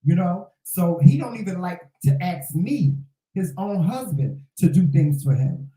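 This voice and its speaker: A man's voice: sits high, big pitch swings, a little slow, warm tone, roomy sound, low-quality recording. A man co-hosting a casual chat, speaking earnestly and reflectively, often repeating himself. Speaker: co-host.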